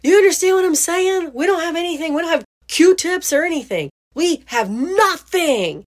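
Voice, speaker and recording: A woman voicing a panicking mother in a high-pitched tone of disbelief, repeating herself and stressing different words. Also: expressive, moderate pace. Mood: frantic. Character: panicking middle-aged mother, frantic disbelief.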